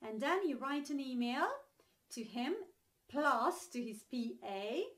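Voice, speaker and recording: A young woman with a Hungarian accent teaches English phrases in an online lesson. Her voice sits fairly high. She talks in a chatty way, walking through everyday examples with plenty of ums and uhs. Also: lively intonation, slow pace, a bit bright.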